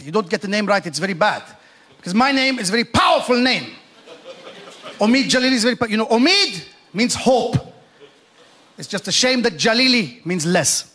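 Self-mocking high-voiced man on stage. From Iran. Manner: chatty, self-mocking, punchy delivery. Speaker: stand-up comedian. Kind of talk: live stand-up routine. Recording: loud live crowd and noise on stage.

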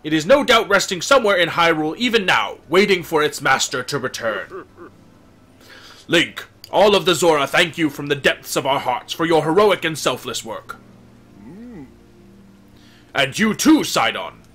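A man reading out the lines of a kind, stately old fish-folk king from a game, in a formal, measured way. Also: a little high, animated, pushed and bright. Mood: solemn, warm.

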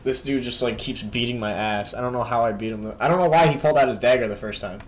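Talking fast at medium pitch, this man plays a video game while cursing and trash talking it out of frustration. Game music runs beneath his voice along with the sound of keyboard typing.

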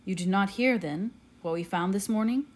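A woman reading the lines of a gentle older English colonel who speaks quietly and gravely, like a doctor. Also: mid-range voice, normal speed, close to an everyday voice.

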